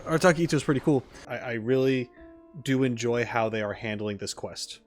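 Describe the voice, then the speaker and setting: A man's voice: medium pitch, a little fast, soft background music. A man commenting casually on a video game as he plays, rambling with frequent restarts. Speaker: gaming streamer. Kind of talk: casual let's-play commentary.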